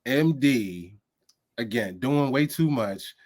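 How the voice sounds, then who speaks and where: A man's voice: medium pitch, lively intonation, slow pace, darkish tone. Laid-back slangy male podcast co-host. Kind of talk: casual chat reviewing a cooking show.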